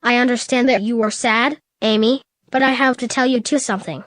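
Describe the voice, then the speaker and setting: A woman voicing a grieving middle-aged mother in a storybook reading, speaking slowly and earnestly. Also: a little high, steady tone, a bit bright, dry recording, clean studio sound, lightly acted.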